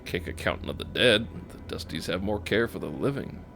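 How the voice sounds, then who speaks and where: A weary man who keeps watch over the names of the dead speaks in a folksy, rueful drawl, as a man reads him. His voice sits low and gravelly. Faint music plays under this game reading. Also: lively intonation, a little fast, a bit bright, exaggerated voice.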